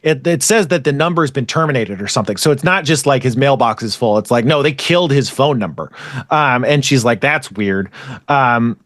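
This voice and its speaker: A man's voice: mid-range voice, lively intonation, a little fast, fairly bright tone, no room sound. Rambling man recapping in a dry room. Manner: rambling, filler-heavy retelling with restarts. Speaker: podcast host recapping an anime. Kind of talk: casual chat.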